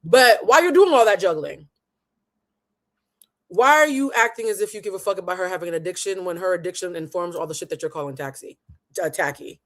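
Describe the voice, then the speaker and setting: A woman's voice: on the low side, brisk. A woman hosting a live reaction stream, giving sassy, mocking commentary and laughing often. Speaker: host.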